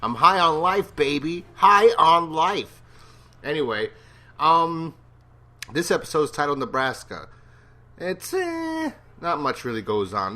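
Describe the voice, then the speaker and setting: A man's voice: mid-range voice, sharp tone. A man casually reviewing a TV episode, rambling and joking at his own expense. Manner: rambling, self-deprecating, jokey.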